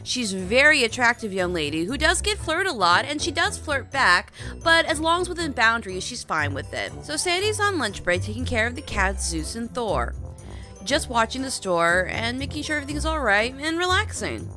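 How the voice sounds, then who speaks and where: A woman narrating a story casually for her channel, animated and full of exclamations. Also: on the high side, normal speed, faint music behind. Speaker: storyteller youtuber.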